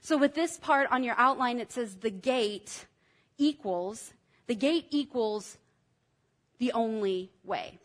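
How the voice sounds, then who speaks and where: A woman's voice: on the high side, takes it slowly. A woman preaching a sermon in an enthusiastic, teacherly way, drawing the congregation in to repeat words after her. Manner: enthusiastic, teacherly, engages the audience.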